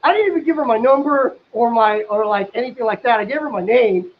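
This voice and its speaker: Man, very high voice, rambling comic storyteller, crude jokes, excitable, dull lo-fi recording. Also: fast, a little hiss or hum. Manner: rambling, filler-heavy, crude jokes, swings into loud excited outbursts. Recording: dull lo-fi sound.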